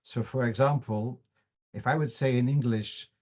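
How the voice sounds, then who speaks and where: Male teacher giving a Jewish law class, mid-pitched, explains with examples, muffled recording. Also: fairly even intonation, moderate pace, a little mellow. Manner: explanatory, digressive, uses examples; mixes in Hebrew and Yiddish terms.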